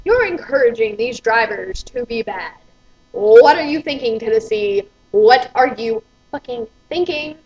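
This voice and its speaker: A woman's voice: on the high side, animated, unhurried, darkish tone, lo-fi sound, a little hiss or hum. A woman, ranting profanely and with exasperation in a vlog. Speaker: vlogger.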